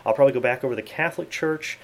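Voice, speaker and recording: A man's voice: mid-range voice, rapid-fire. A man at his desk giving an earnest, conversational Bible teaching for his video channel, quoting scripture and using frequent fillers. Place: at his desk in a study with bookshelves.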